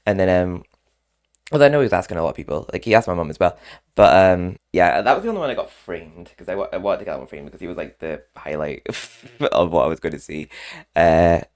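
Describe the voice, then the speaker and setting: A man's voice: deep voice, lively intonation, fast talker, darkish tone. A man chatting casually in a rambling vlog, often laughing between remarks. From Scotland. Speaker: vlogger. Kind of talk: casual chat.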